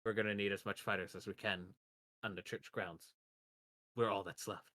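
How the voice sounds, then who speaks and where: A man voicing a calm, elderly male priest who speaks in a measured, earnest way. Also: fairly low pitch, dry recording, pitched below the performer's own voice. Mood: grave.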